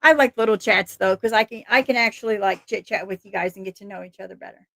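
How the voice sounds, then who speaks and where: A woman hosting a casual live stream, talking in an excitable, rambling way and laughing often. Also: medium pitch, quick pace, gravelly, no echo, clean studio sound. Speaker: livestream host.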